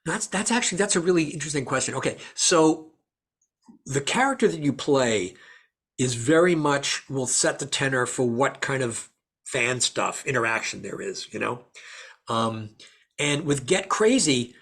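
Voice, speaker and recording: A man's voice: mid-range voice, normal speed, husky. A man, an actor guest in an interview, telling anecdotes and acting out the voices of people he quotes. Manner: animated, acts out quoted voices. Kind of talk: storytelling interview answers.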